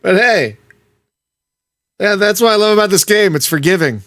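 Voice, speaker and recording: A man's voice: high-pitched, lively intonation, moderate pace, fairly bright tone, no room sound, clean studio sound. A man hosting a casual let's-play, chatting and rambling as he plays, laughing often and sometimes breaking into exasperated outbursts. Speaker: gaming channel host.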